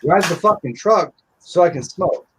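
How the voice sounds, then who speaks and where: A man's voice: high-pitched, lively intonation, normal speed, fairly bright tone, slightly rough. A middle-aged man telling stories in casual live-stream chat, blunt and profane.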